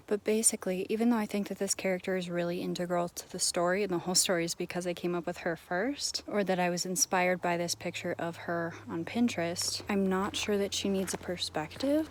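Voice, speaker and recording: A woman vlogging about her writing, thinking out loud in a rambling, musing way with lots of fillers. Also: on the low side, slight background noise. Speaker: writer and vlogger. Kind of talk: chatty writing vlog, thinking aloud.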